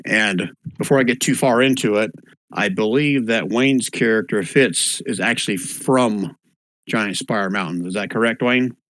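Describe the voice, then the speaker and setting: A man narrates an online tabletop session as game master, his voice sitting low. He talks in an easygoing way, full of fillers, and stops to spell out names. The voice-chat mic sounds close and dry. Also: measured pace, fairly bright tone, dry recording, rough recording. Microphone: voice chat microphone.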